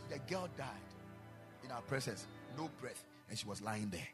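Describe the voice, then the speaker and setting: A man with a Ghanaian accent preaching a sermon in a chapel, mixing English and Twi, building to loud emphatic peaks. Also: medium pitch, lively intonation, moderate pace, slightly rough, faint music behind. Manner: switches between English and Twi, rising to shouted emphasis.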